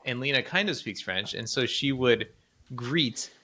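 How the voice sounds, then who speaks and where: A man's voice: medium pitch, lively intonation, a little slow, pushed and bright, a little hiss or hum. A man co-hosting a podcast, telling a rambling travel story in casual chat, laughing often. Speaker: podcast co-host.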